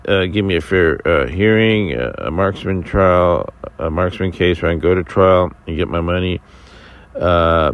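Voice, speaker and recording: American guy ranting on his vlog, really deep voice, lots of uhs and cussing. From United States. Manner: angry, rambling, profane; halting with many fillers and restarts. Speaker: vlogger. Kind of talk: casual rant to camera.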